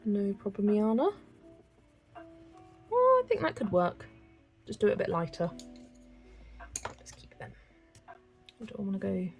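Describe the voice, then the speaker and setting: Gravelly woman chatting while colouring. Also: medium pitch, wildly swooping pitch, measured pace, long pauses, faint music behind. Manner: chatty, thinking aloud, reads chat messages. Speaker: livestream host. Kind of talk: casual chat while colouring.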